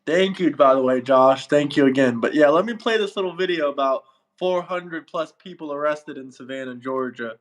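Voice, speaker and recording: A man's voice: fairly high pitch, moderate pace, few pauses. A man hosting a casual livestream, reading out viewer comments and thanking them in an upbeat way. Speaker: livestream host.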